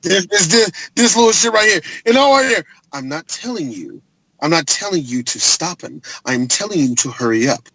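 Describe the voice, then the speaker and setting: A smug male corporate boss oozes menace in a slow, deep, condescending drawl, as a man imitates him. The voice sits well below his usual register and keeps a husky edge. Every line sounds like a veiled threat. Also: animated, fairly bright tone, dry recording, heavily acted, rough recording. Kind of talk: movie character impression.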